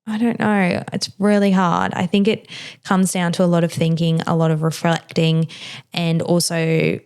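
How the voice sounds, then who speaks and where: Woman podcast host, lower-pitched, candid and conversational, giving straight advice. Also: little pitch movement, moderate pace, darkish tone, clean tone. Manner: frank, chatty, heavy use of "like" and "you know". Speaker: mother. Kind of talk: casual advice chat.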